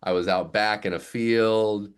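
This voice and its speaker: A man's voice: fairly low pitch, measured pace, clear, resonant tone. A man in his thirties, a music teacher explaining his method in casual talk and acting out sounds with his voice. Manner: animated, demonstrates sounds with voice play.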